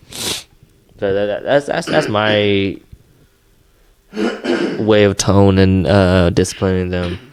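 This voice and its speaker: Low-pitched, smooth and a little mellow, a young man speaks slowly with long pauses on a dry recording. He is co-hosting a podcast, rambling through casual chat with frequent fillers and restarts.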